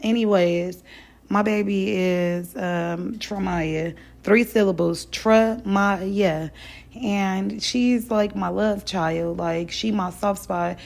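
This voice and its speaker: Hoarse, gravelly-voiced woman chatting while cooking. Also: medium pitch, fairly even intonation, takes it slowly, darkish tone. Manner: chatty and rambling, says "y'all" often. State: sick, hoarse voice. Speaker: vlogger. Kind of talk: casual cooking vlog chat.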